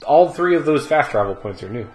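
A man's voice: mid-range voice, expressive, fairly quick, a little mellow. A man co-hosting a casual gameplay session, teasing his partner and giving gameplay advice. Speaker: co-host of a let's play. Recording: roomy echo with faint game music.

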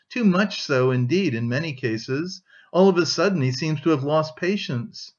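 A man narrating an audiobook of a classic novel, lifting his voice a little for the dialogue. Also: mid-range voice. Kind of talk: audiobook reading, light voicing of characters. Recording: dull lo-fi recording.

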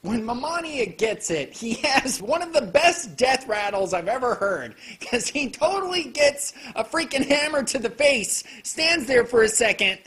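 A man giving a casual, joking film review, full of swearing and quick asides. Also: very high-pitched, big pitch swings, fairly bright tone. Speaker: anime reviewer. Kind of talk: casual profane video review.

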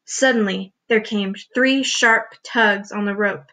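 A woman reading a chapter of a children's book aloud with expressive storytelling. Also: medium pitch, slow. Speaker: reader.

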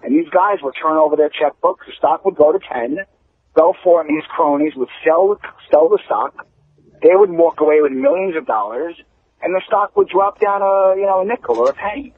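A male caller on a radio show, explaining things quickly and casually, swearing now and then. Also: fairly high pitch, lively intonation, husky, no echo. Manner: fast, explanatory, swearing freely. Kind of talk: casual phone-in chat. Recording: tinny phone line.

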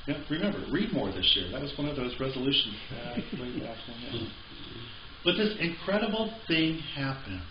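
A man's voice: medium pitch, sing-song, moderate pace, noisy background. Chatty male pastor in echoey church. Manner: conversational with joking asides. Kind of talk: sermon. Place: church sanctuary. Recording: echoey, slightly dull church recording.

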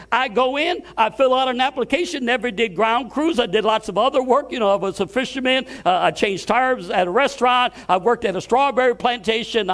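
Very high-voiced preacher telling stories. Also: male voice. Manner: storytelling, acting out quoted voices; repeats words when excited. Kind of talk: sermon.

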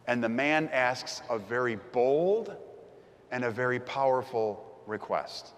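A man's voice: medium pitch, unhurried, fairly bright tone, in a large hall. A man preaching a sermon as the pastor, telling the story vividly and acting out the crowd's voices.

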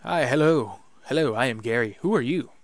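A man voicing an excitable male goblin who talks in broken, repetitive phrases. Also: a little fast, no room sound, natural voice. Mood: excited. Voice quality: broken grammar, repeats words. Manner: loud, excitable, high-pitched. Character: jittery chattering male goblin in a cellar.

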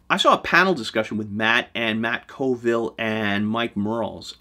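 A man presents his lessons on running tabletop games in a scripted talk to camera. His voice sits in the middle range but leaps around with lively, emphatic swings. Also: mid-range voice. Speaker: show host giving game master advice.

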